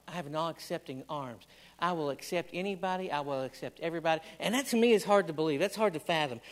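A male preacher with a high voice delivers an impassioned sermon. He repeats phrases for emphasis, sometimes stumbling on restarts as he presses each point. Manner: impassioned, repetitive, stammers on restarts.

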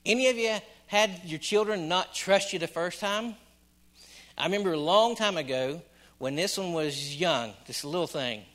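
A middle-aged man preaching a sermon, repeating phrases for emphasis and swinging between loud and hushed delivery. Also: high-pitched, expressive, moderate pace. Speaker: pastor.

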